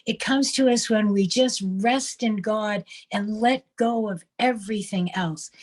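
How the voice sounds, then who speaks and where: A woman giving a heartfelt spiritual talk, earnest and emotionally open, repeating phrases for emphasis. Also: mid-range voice. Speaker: spiritual speaker.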